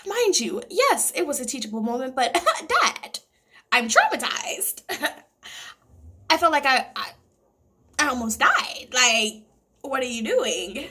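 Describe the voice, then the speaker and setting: A young adult woman vlogger casually telling a dramatic story, animated and laughing as she goes. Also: sits high, takes it slowly, pauses often, husky.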